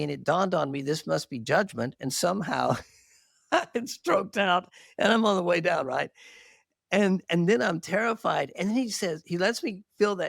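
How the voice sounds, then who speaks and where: A man's voice: sits high, normal speed, vocal fry, dry recording, clean studio sound. A middle-aged man, a marriage therapist, telling his story candidly and earnestly in an interview, with self-deprecating humor. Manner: animated, earnest testimony with self-deprecating laughs.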